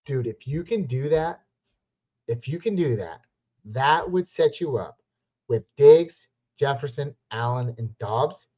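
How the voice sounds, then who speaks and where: A man from the West Coast hosting a live Q&A stream, chatty and upbeat, giving quick verdicts on viewer questions. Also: mid-range voice, animated, warm tone. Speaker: fantasy football live stream host. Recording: slightly muffled lo-fi stream audio.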